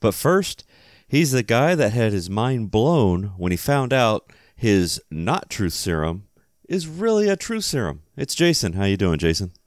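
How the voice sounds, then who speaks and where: A man hosts a podcast and reads a jokey intro. His pitch moves around a lot, and his voice is recorded dry and close. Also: very animated, unhurried, hardly any pauses, dry recording. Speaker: podcast host.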